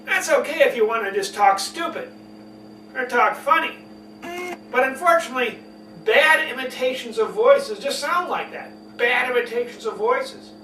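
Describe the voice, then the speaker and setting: A man teaching public speaking, talking emphatically and deliberately swinging between loud and soft, fast and slow. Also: extremely high pitch. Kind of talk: spoken lesson on public speaking. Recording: echoey room, mic at a distance, faint hum.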